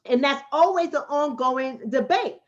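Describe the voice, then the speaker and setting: Speaking a little slowly in a high-pitched voice, a relationship coach from the Bronx answers her livestream chat casually but bluntly, in a streetwise style that keeps repeating points for emphasis. The audio sounds dull.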